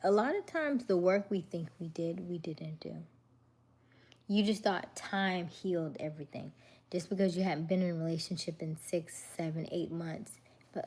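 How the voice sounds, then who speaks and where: A woman hosting a relaxed live chat, talking softly and often dropping to a near whisper as she greets viewers one by one. Her voice sits somewhat low and has a husky, breathy edge. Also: moderate pace. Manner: soft-spoken, often half-whispered, greeting viewers by name. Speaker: livestream host. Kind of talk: casual live chat reading viewer comments.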